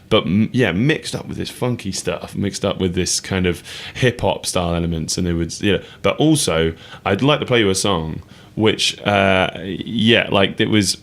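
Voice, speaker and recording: Rambling, enthusiastic low-voiced radio host. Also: male voice, vocal fry. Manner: rambling, enthusiastic, laughs often. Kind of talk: casual radio chat.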